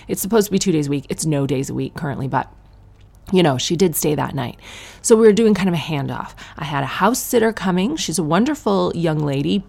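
A woman, a tired new mother, doing a brash comic monologue as a podcast host, ranting with animated outbursts. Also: low-pitched, gravelly. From Canada.

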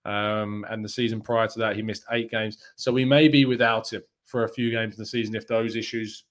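A man's voice: fairly low pitch, fairly even intonation. A man hosting a live football fan news show, chatting in an upbeat way and reading out viewer comments. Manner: chatty and upbeat, with frequent fillers and quick laughs.

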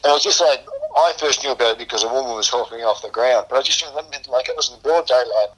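Fast bright Australian man telling stories. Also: mid-range voice, low-quality recording. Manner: animated, repeats words and restarts. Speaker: guest. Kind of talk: candid interview storytelling.

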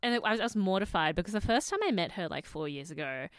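Lively Australian woman telling stories. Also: lowish voice, fast, smooth, dry recording, studio quality. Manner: animated storyteller, laughs often. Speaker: podcast guest. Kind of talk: casual chat.

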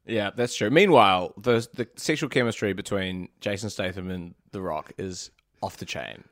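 A man co-hosting a casual movie podcast, sarcastic and quick to swear. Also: low voice, dry recording, clean studio sound. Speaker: podcast co-host.

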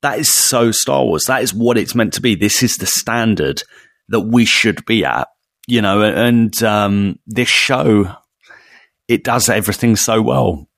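A man's voice: fairly low pitch, measured pace, creaky, fairly bright tone, no echo, studio quality. A man co-hosting a casual podcast chat, emphatic and prone to repeating words for stress. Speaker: podcast co-host.

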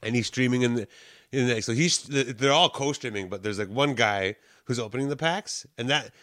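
A man's voice: moderate pace, no echo, studio quality. A man chatting casually as a podcast co-host, telling stories and acting out the people in them. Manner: animated storyteller, acts out quotes in high voices. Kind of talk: casual chat.

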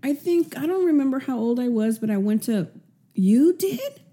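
High, lively woman firing back questions. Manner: quick reactive questions and interjections. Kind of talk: casual chat.

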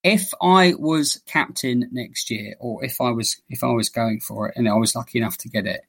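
A man chatting casually on a podcast, blunt and quick to swear, laughing often. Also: medium pitch, creaky, fairly bright tone, breathy edge, no echo. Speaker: podcast guest, tabletop wargame player.

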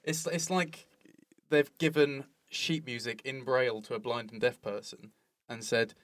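A man's voice: mid-range voice, fairly even intonation, measured pace, a bit bright. A man hosting a casual gaming podcast, rambling and self-deprecating, swearing freely. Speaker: podcast host. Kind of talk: casual chat.

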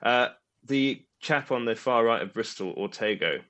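An Englishman, co-hosting a podcast in casual chat, rambling and halting with many restarts. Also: medium pitch, animated, a bit bright. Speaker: podcast co-host. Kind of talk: casual chat reviewing a quiz show.

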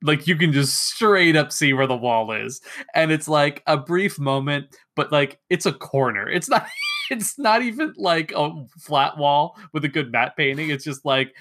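In an unhurried, fairly high voice, a podcast co-host recounts moments from an old film at an easy pace, acting out the characters' lines as he goes.

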